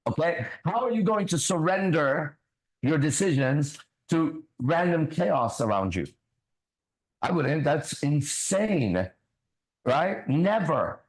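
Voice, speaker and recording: A man's voice: on the high side, very animated, slow pace, poor audio. A man hosting a ministry talk show, preaching bluntly with swearing and constant rhetorical questions.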